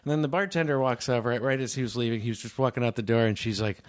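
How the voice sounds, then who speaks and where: A man casually telling a story in a chat, animated, acting out both sides of an argument. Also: medium pitch, very fast.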